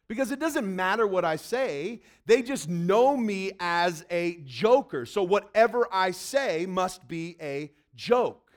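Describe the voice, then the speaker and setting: High-voiced man preaching a sermon. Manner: conversational preaching with acted-out quotes. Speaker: pastor.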